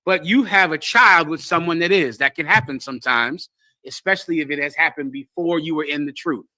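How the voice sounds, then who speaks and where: A man's voice: fairly high pitch, a little fast, pushed and bright, dry recording. A man teaching scripture to a group, lecturing emphatically and acting out the voices he quotes. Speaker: religious teacher.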